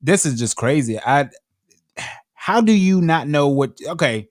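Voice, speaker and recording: A man's voice: a little high, expressive, measured pace. A man co-hosting a casual talk show, speaking bluntly and swearing freely. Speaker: co-host. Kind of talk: casual podcast chat.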